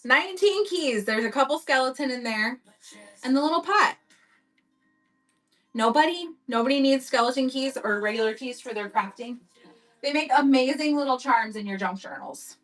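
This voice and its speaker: A woman's voice: sits high, moderate pace, fairly bright tone, far from the mic, faint music behind. A woman hosting a casual live-stream auction, chatting upbeat as she describes vintage items for buyers. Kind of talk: casual live-selling chat.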